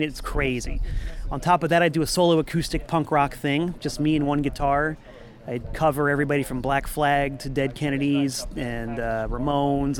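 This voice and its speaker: A man, a musician and former record store owner, talking in a rambling, upbeat way in a casual interview in a parking lot. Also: medium pitch. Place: parking lot outside a venue.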